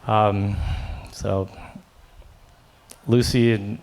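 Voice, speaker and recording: Man giving a casual, halting memorial speech. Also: lowish voice, level tone, darkish tone. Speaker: friend giving a remembrance. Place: memorial gathering.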